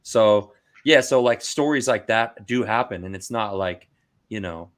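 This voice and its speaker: Low-voiced man telling animated stories. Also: unhurried. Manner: animated, acts out quoted voices, says dude and like a lot. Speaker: card breaker guest on a podcast. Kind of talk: casual storytelling chat.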